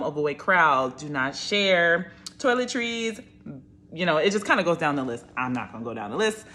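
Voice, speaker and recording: A woman's voice: deep voice, a bit bright, slight background noise. A woman and nurse talking casually and with emphasis about a study course, repeating her points. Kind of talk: casual review talk.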